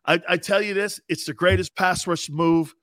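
A middle-aged man co-hosts a relaxed sports-radio conversation, asking questions and chiming in with his own memories. His voice is high for a man, and the recording is close and dry. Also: moderate pace, no echo. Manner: conversational, asks questions, adds asides. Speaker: sports talk host, former pro player. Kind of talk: casual sports radio chat.

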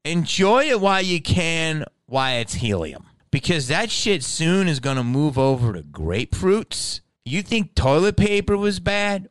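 A man hosting a comedy podcast, delivering a profane, animated solo monologue and slipping into impressions. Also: on the high side, measured pace, hardly any pauses, smooth, no echo. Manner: slips in impressions.

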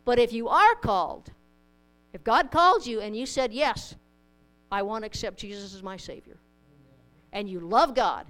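A woman preaching to her congregation in a clear, resonant voice pitched a little high. She moves between scripture and everyday stories in a plain, chatty way with touches of humor. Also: a bit bright, low-quality recording. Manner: conversational, with homely anecdotes and humor. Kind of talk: sermon. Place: church in front of a congregation.

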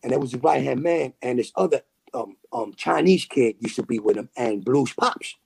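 Man, new york accent, gravelly and husky, streetwise storyteller. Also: mid-range voice, normal speed. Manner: streetwise, animated, full of slang and fillers. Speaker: podcast guest. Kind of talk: casual storytelling.

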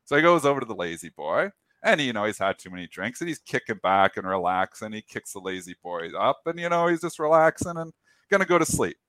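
Brisk and lowish-voiced, this man hosting a market show shares a long, comic anecdote in a casual way. He acts out what people said, restarting here and there, and there's no echo.

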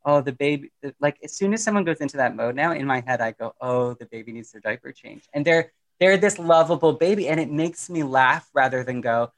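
A man talking as a podcast guest on mental health, casual and animated, joking often and restarting his sentences. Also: on the high side, brisk, hardly any pauses. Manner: animated, jokey, lots of fillers and restarts. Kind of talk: casual conversational interview.

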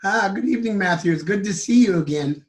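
An older man with a hoarse, fading voice speaking in a casual interview, halting and full of fillers and restarts. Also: high voice, expressive. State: losing his voice, coughing. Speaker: guest, elder and teacher.

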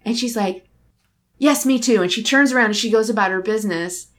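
Her voice is a little high and a little fast as she shares personal stories in casual conversation. Candid and reflective, this woman acts out the dialogue in her tales.

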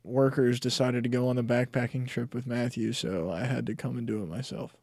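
A man's voice: medium pitch, fairly even intonation, a little fast, darkish tone, dry recording. Male co-host in a casual chat who argues his points in a dry, close sound. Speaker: podcast co-host.

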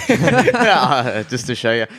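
A man's voice: medium pitch, sing-song, slow, fairly bright tone. A man co-hosting a casual chat, laughing often and stumbling over his words. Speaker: podcast co-host.

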